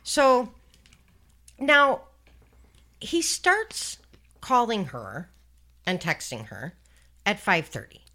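A woman hosting a true-crime podcast, chatting about a case with her co-host. Her voice is bright and her pitch jumps around a lot. She is blunt and swears easily. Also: drawn-out words, pauses often. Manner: animated and blunt, swears freely.

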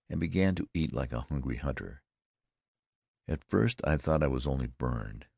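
A male audiobook narrator with an exceptionally deep, gravelly voice tells a first-person tale in a measured, deliberate way. The close microphone gives a dry, intimate sound with no room around it. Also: darkish tone, dry recording.

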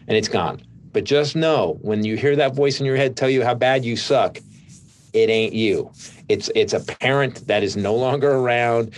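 Speaking at a normal speed in a medium-pitched voice, this middle-aged comedian guest spins rambling stories in casual conversation, frequently starting over.

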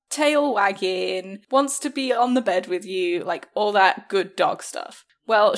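A woman co-hosting a casual podcast, telling stories with lots of animation. She jumps into little acted-out bits of dialogue as she talks. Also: mid-range voice. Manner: animated storyteller who acts out voices. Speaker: podcast co-host. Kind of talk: casual chat.

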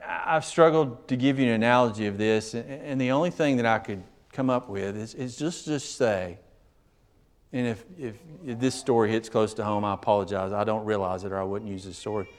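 A man preaching a sermon in a conversational tone that swings from quiet asides to emphatic questions. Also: on the low side, a little fast.

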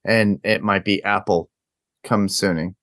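A man's voice: fairly low pitch, steady tone, unhurried, fairly bright tone, no echo, clean studio sound. A man hosting a podcast, introducing a listener-feedback segment in casual chat. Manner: loose, segue-style hosting. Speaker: podcast host.

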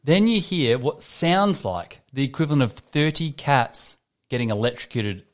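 A man's voice: medium pitch, lively intonation, normal speed. A young Australian man, a podcast co-host who tells stories in loose, casual chat, laughing and swearing freely.

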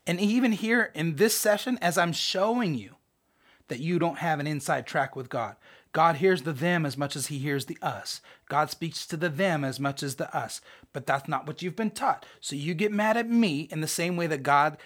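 A Bible teacher leading a recorded study session, animated and folksy, who often checks in with listeners by asking "right?". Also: medium pitch, normal speed. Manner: animated, acts out scripture characters, folksy slang.

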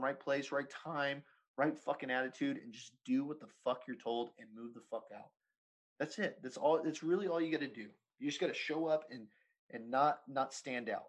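A man's voice: mid-range voice, low-quality recording. A man in his thirties telling a story in casual chat, rambling, swearing and laughing often. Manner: profane, rambling, laughs often, says "dude" constantly.

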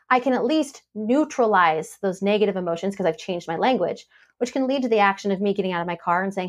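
A woman on a podcast, coaching and telling a story with lively quoted voices. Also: medium pitch, brisk. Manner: animated storytelling, acts out quoted dialogue. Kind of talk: casual podcast conversation.

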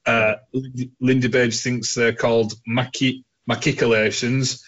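A man's voice: medium pitch, level tone, unhurried, fairly bright tone. A man chatting casually as a podcast co-host, rambling, swearing and laughing a lot. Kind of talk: casual chat. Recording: dull lo-fi sound.

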